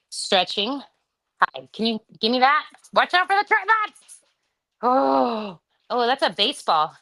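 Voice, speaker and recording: A woman's voice: mid-range voice, a bit bright. A woman leading a live home workout class, counting reps and cueing breaths in a chatty way, with asides to her dog. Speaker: fitness instructor.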